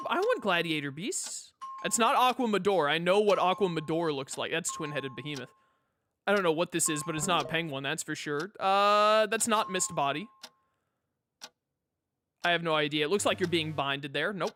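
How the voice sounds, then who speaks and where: A gaming YouTuber casually commenting while playing, quickly guessing and joking at himself. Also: mid-range voice, fairly bright tone, slight background noise. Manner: quick guessing, self-mocking asides. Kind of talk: casual let's-play commentary. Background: game music.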